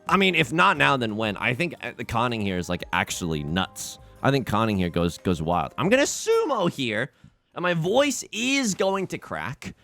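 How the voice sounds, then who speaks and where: A man with a sore throat, giving excitable, jokey, self-mocking commentary while playing a game for his channel. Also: medium pitch, normal speed, vocal fry, no echo, faint music behind. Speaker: let's play host. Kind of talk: casual gameplay commentary.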